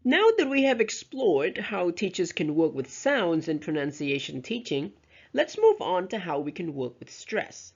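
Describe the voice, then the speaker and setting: Teacher narrating a lesson, gravelly tone, dull lo-fi sound. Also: medium pitch, very animated, unhurried. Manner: explanatory, modelling words aloud, self-correcting. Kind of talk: recorded lecture explaining pronunciation.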